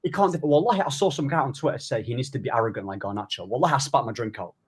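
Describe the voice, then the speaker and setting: A man debating football on a casual panel, excitable and animated, laughing often. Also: medium pitch, very fast, breathy edge.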